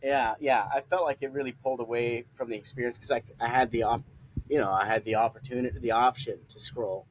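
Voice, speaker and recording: A man's voice: medium pitch, fairly even intonation, a little fast. A young man, a solo sailor guest on a podcast, talking in a laid-back way and laughing easily. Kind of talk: casual conversation. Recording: faint background noise.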